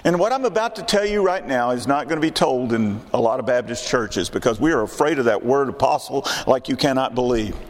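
A man's voice: medium pitch, lively intonation, a little fast, hardly any pauses, in a large hall. A man in his sixties preaching a sermon in a church, emphatic and repeating his key questions. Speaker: pastor. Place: church sanctuary.

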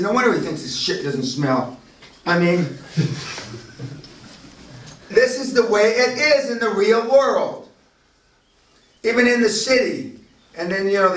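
A man's voice: high-pitched, recorded from a distance. Blunt, profane man in an echoey room. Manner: blunt, profane, rising to loud emphatic bursts. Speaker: seminar leader. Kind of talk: profane motivational seminar talk. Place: castle seminar room.

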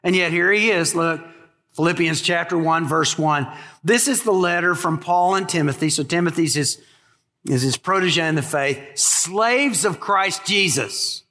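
High-voiced male pastor preaching in a reverberant church. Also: measured pace. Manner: animated preaching with rhetorical questions and asides to the congregation. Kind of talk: sermon. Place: church sanctuary. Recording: live in a church with long reverb.

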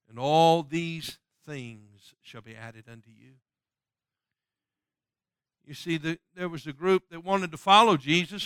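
A man preaching a sermon who swings from loud, ringing passages to soft, hushed appeals and quotes scripture in old-fashioned wording. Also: on the high side, clear, resonant tone, no room sound, studio quality. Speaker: pastor.

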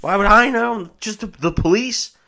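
A man voicing a crude, irate police chief in a put-on Irish accent, shouting and swearing. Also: high-pitched, moderate pace, creaky, pitched above the performer's own voice, full character voice. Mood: exasperated shouting.

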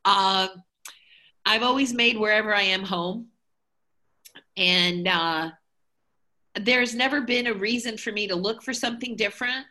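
A bright, clear-toned woman from the United States chatting in an interview. She rambles through her stories with many fillers. Her talk is loose and conversational. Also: mid-range voice, measured pace, long pauses. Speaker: guest, hair educator.

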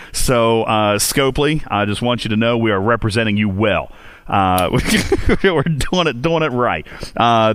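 A man's voice: medium pitch, fairly bright tone, dry recording. A man hosting a casual podcast for a video game, joking and teasing, laughing often. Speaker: podcast host.

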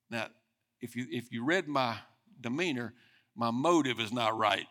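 A man's voice: mid-range voice, animated, a little slow. Man preaching a conversational sermon. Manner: conversational preaching, speeding up and swelling in loudness for emphasis. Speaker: pastor.

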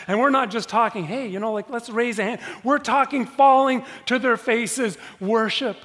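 A man preaches in a church with a very high-pitched voice. He drives his points home by repeating key phrases and pausing for effect. The sound rings with the long reverb of a church hall. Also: a bit bright. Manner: emphatic, repeats key phrases with dramatic pauses. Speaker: pastor. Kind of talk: sermon.

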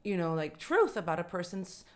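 A woman's voice: lowish voice, big pitch swings, moderate pace. A woman co-hosting a podcast in casual chat, candid, with dry jokes and hesitant restarts. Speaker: podcast co-host.

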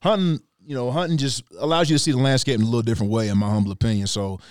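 A man's voice: mid-range voice, steady tone, racing, darkish tone, no room sound, studio quality. A man chatting casually on a hunting podcast, rambling with lots of "you know what I mean". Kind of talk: casual chat.

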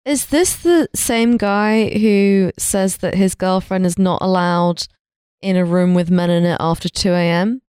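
A woman co-hosting a comedy podcast, trading dry wisecracks and laughing along. Her voice sits a little low for a woman. The sound is close and dry. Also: measured pace, darkish tone, clear, resonant tone, no echo. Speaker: podcast co-host. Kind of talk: casual comedy chat.

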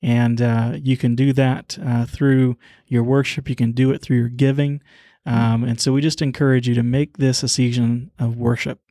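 A man co-hosting a podcast, giving casual closing remarks in a halting way, full of fillers and restarts. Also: medium pitch, little pitch movement, dark tone, dry recording, clean studio sound. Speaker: podcast co-host.

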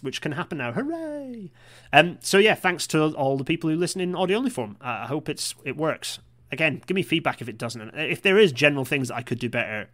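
A man talks quickly through a live-streamed podcast monologue. He is chatty and self-deprecating, often breaking off into apologetic asides. His voice sits at a mid pitch. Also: a bit bright. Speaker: podcast host.

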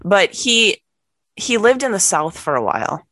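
A woman's voice: mid-range voice, unhurried, dry recording. A woman co-hosting a podcast, pushing back skeptically with frequent laughter in casual banter. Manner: lively, laughing, skeptical pushback. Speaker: podcast co-host.

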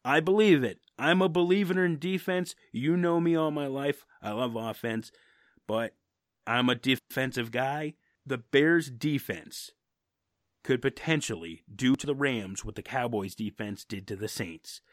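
A podcast co-host with a mid-range voice, speaking a little slowly, rants his opinions on a football podcast in a brash, profane way. It's a casual sports rant, recorded dry at studio quality.

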